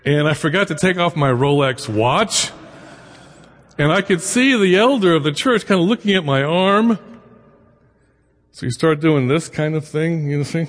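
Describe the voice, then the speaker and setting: A middle-aged man gives a chatty lecture, weaving anecdotes into his points and tossing rhetorical questions at his listeners. His voice sits slightly high for a man. A long hall reverb trails behind every phrase. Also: animated, normal speed, pauses often. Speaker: lecturer on the Bible and immigration.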